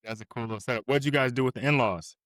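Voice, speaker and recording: A man's voice: medium pitch, racing, fairly bright tone, no room sound, clean studio sound. A man hosting a podcast, giving brief, encouraging remarks to his guest. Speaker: podcast host. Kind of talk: casual interview.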